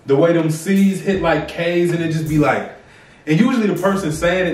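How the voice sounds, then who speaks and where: A man's voice: on the high side, moderate pace, darkish tone. A man in a casual comedic rant with loose slangy phrasing, frequent restarts and exaggerated disgust. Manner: laid-back, loose slangy talk with many restarts. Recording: echoey room, mic at a distance, faint music.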